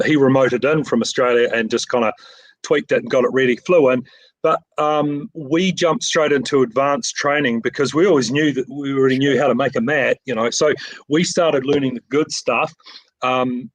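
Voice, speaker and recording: A man's voice: medium pitch, steady tone, moderate pace, no echo, rough recording. A middle-aged man from New Zealand with a New Zealand accent, a picture framing shop owner talking keenly in a casual interview, full of restarts and repeated words.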